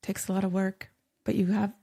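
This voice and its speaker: A woman co-hosting a podcast, offering supportive, playful replies and quick affirmations. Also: mid-range voice, level tone, mellow. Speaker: podcast co-host. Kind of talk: casual podcast chat.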